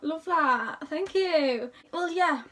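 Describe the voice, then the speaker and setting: High-voiced chatty young woman. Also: takes it slowly, pushed and bright, far from the mic. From England. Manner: chatty, rambling, self-deprecating. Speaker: YouTuber. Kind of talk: casual chat to camera.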